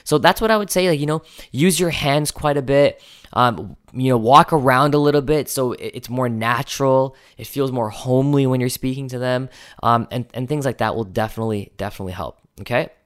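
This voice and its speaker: A man hosting a coaching podcast, talking casually and conversationally, with lively emphasis on key words. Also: medium pitch, brisk, clean tone. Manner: conversational, many fillers and restarts, animated emphasis. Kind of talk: casual solo podcast talk.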